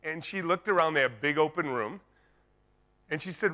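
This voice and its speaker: A man's voice: fairly high pitch, normal speed, sharp tone. A man giving a conference keynote, telling a story and acting out the dialogue in it. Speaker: keynote speaker. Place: conference stage.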